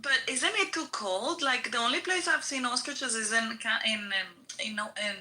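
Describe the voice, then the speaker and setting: A woman with a higher voice and a very bright, forward tone, chatting casually on a group podcast. She laughs easily and slows down to read text aloud. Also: poor audio. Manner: laughs often, reads search results aloud slowly.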